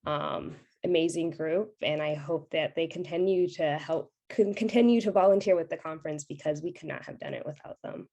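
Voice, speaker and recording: A woman with a slightly low voice praises her volunteers with strong emphasis. She speaks from a video call. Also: normal speed, vocal fry, few pauses, warm tone. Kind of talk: closing remarks on a video call.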